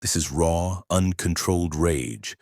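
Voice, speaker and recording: A man's voice: low voice, takes it slowly, vocal fry, darkish tone. A male narrator delivering grave, judgmental scripted documentary narration.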